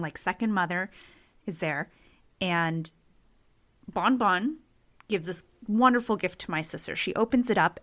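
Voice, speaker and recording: A woman hosting a true crime podcast, telling stories in a chatty, expressive way and leaning on casual fillers. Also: lowish voice. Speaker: podcast host.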